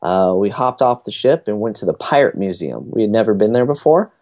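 Low, mellow-voiced man telling stories. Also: animated, a little fast. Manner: rambling storyteller with many fillers. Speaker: podcast guest recounting a family cruise. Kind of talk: casual chat.

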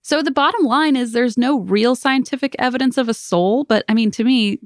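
A woman's voice: a little high, moderate pace, no room sound, studio quality. A woman co-hosting a podcast, walking through research in a chatty, joking way. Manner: explains research in a chatty, joking way, laughs often. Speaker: podcast co-host. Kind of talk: casual chat.

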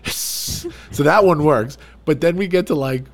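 A man from the New York area, telling family stories in casual podcast chat, animated and full of restarts. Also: a little high, normal speed. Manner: animated storyteller, restarts sentences.

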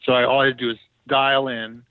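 A man, a TV producer and podcast guest, telling stories in a casual, animated way and acting out what others said. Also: medium pitch, quick pace, smooth, no room sound, narrow, tinny audio. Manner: animated storyteller who acts out quotes. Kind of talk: casual anecdotal storytelling.

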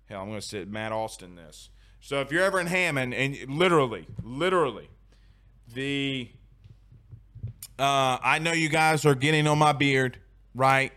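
A man's voice: mid-range voice, no echo, clean studio sound. A young man hosting a late-night sports talk stream, reading viewer comments in a laid-back, slangy way and repeating his phrases. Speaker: sports show host. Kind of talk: casual live-stream chat reading comments. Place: at home at night.

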